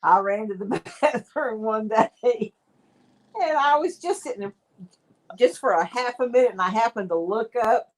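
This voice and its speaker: Chatting casually with friends, a woman with a mid-range voice tells teasing stories and laughs often, coming across as giggly. The recording is rough.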